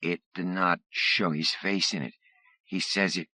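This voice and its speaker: A man voicing a soft-spoken young Vietnamese immigrant girl who speaks slow, broken English in an airy voice. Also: low-pitched, steady tone, no echo, clean studio sound, heavily acted. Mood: puzzled, earnest.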